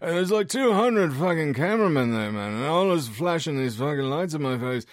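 A man's voice: a little high, lively intonation, fairly quick, no echo, pitched above the performer's own voice, natural voice. A man doing an impression of a famous rock star, swearing constantly and rambling in bewilderment. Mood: incredulous.

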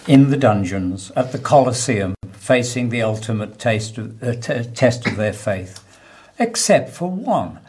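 A man presenting on the radio, reading and telling jokes with lively storytelling and raised voices for quoted characters. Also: mid-range voice, slightly rough. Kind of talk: casual joke-telling and reading.

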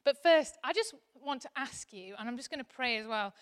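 A preacher in her thirties gives a sermon at a brisk pace. Her voice is high and bright, sometimes chatty and animated with warmth, sometimes softly earnest.

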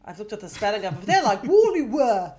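A woman co-hosting a podcast, quick and quizzical in casual chat. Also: mid-range voice, very animated, a loud crowd. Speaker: podcast co-host.

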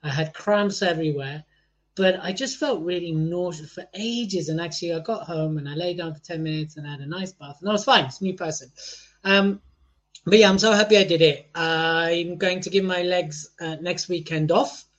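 A man co-hosting a podcast, telling stories in an animated, teasing manner. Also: a little high, moderate pace. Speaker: podcast co-host. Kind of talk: casual chat.

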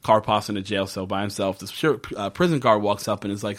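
Guy on a podcast, swears a lot, does little voices for the characters, super animated. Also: fairly low pitch, fast talker, hardly any pauses. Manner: profane, animated, acts out characters' lines. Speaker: podcast co-host. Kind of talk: casual recap chat.

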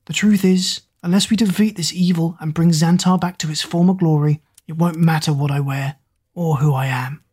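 Earnest young prince voiced by a woman, grave, low-pitched. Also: steady tone, normal speed, a little mellow, husky. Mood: resolute.

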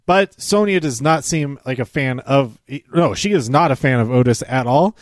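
A man's voice: medium pitch, expressive, normal speed, no echo, studio quality. A man casually recapping a wrestling show. He rambles, with lots of fillers and small laughs.

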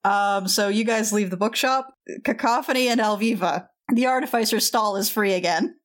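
A woman running a tabletop role-playing game, describing scenes in a relaxed way with frequent laughter and restarts. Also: mid-range voice, moderate pace. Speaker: game master.

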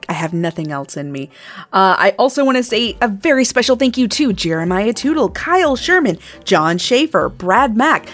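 A woman hosting a tabletop role-play podcast as game master, playful and upbeat. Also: fairly high pitch.

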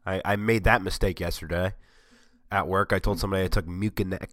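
A man's voice: sits low, steady tone, fast talker, fairly bright tone, dry recording, studio quality. A man with a cold, voice strained, chatting casually in a sarcastic, rambling, self-mocking way. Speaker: vlogger. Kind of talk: casual chat.

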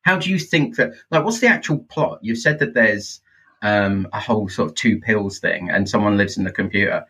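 A man's voice: lowish voice, moderate pace, sharp tone, breathy edge. A man co-hosting a podcast in casual chat, asking wry, teasing questions. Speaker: podcast co-host.

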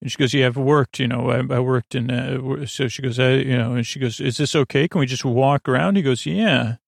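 A man hosting a podcast, loosely retelling a television episode in a halting, casual way with many fillers and restarts. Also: mid-range voice, vocal fry, no echo, studio quality. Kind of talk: sleepy casual retelling of a story.

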